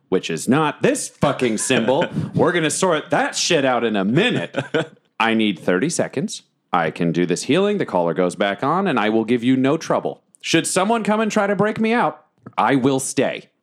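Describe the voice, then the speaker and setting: A man playing a jailed cleric in a tabletop game, coaxing his guards with promises. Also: mid-range voice. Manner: wheedling, persuasive. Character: scheming male cleric prisoner, sweet-talking.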